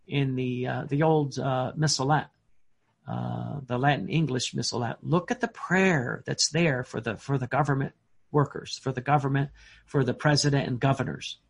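Husky-voiced man preaching a sermon. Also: medium pitch. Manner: earnest, emphatic, with frequent fillers and restarts.

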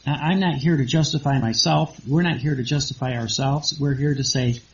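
A man's voice: mid-range voice, steady tone, brisk. A man, probably a priest, giving a rambling sermon full of rhetorical questions and repeated words. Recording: dull lo-fi recording.

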